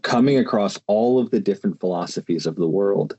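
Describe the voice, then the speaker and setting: Low, dark-voiced man rambling casually. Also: a little fast. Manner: rambling, many restarts and fillers. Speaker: podcast host. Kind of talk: casual conversation.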